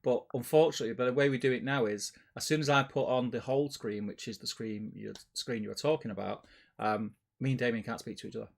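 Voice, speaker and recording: A man's voice: medium pitch, steady tone, fast talker, gravelly. A man hosting a live hobby stream, chatting casually and rambling with restarts while painting miniatures and reading out chat. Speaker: stream host.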